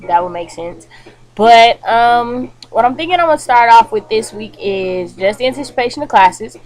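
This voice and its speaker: A young woman, a college student, chatting casually to camera from her bedroom, with lots of fillers and animated asides. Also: on the high side, moderate pace, rough recording. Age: young adult. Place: bedroom, indoors.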